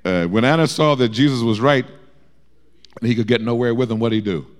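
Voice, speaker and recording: A man teaching a Bible study, explaining verses and acting out quotes in a lively way. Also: medium pitch, brisk. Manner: lively, acts out quotes with shifting voice.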